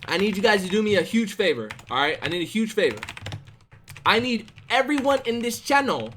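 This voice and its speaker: Brief: animated male streamer, slangy storyteller, pitch jumps all over, "right?" after every line.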